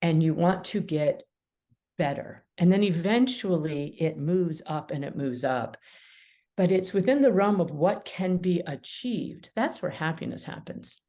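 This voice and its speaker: A middle-aged woman with a fairly low voice speaks as a guest on a podcast, animated and quick to laugh. She often slips into little acted-out exchanges to make her points. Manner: animated, laughs often, acts out quoted dialogue. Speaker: mediator and author, podcast guest. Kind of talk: conversational interview.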